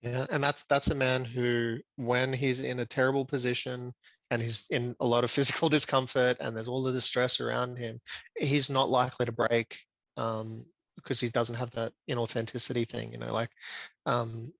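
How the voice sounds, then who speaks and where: A man's voice: medium pitch, flat delivery, moderate pace, vocal fry, a bit bright, no room sound, lo-fi sound. A man talking as a podcast guest in a reflective, casual way, with frequent ums and restarts. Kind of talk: casual conversational interview.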